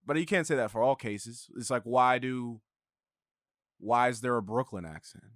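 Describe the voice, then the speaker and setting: A man talking as a podcast guest in casual chat, relaxed and hesitant, often trailing off with fillers. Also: mid-range voice, moderate pace, no room sound, clean studio sound.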